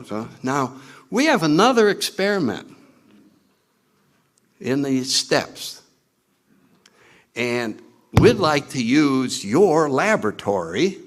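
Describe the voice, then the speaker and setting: A man speaking at a recovery meeting, telling his story with wry self-mockery and acting out his own past lines. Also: fairly high pitch. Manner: animated, acts out his own past lines in put-on voices. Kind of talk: storytelling talk to a meeting audience.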